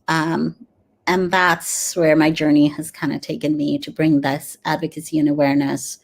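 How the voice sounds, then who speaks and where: A woman in her forties with a notably low, deep voice speaks as an interview guest. She talks earnestly and reflectively, stopping often with pauses and fillers as she gathers her thoughts. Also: flat delivery, vocal fry. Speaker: dentist and grief coach guest. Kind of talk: conversational interview.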